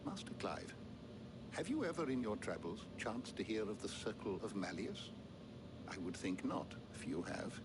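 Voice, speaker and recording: A man's voice: on the low side, sing-song, unhurried, noisy background. An actor playing an eccentric old male scholar in a game, lecturing in a fussy, learned way.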